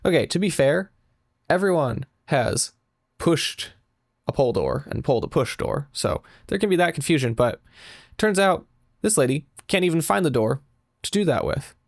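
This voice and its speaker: A storyteller in their twenties reads online stories aloud and keeps cutting in with dry, sarcastic jokes. The voice has a gravelly fry, and the delivery swings up and down a lot. The recording sounds close and dry. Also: mid-range voice, normal speed, no echo. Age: 20s. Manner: sarcastic asides, animated. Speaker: storytelling channel host.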